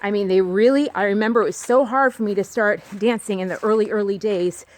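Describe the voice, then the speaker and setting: A woman's voice: mid-range voice, fairly quick, darkish tone. A woman vlogging outdoors on a walk, talking earnestly and rambling with many restarts. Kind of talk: candid personal monologue.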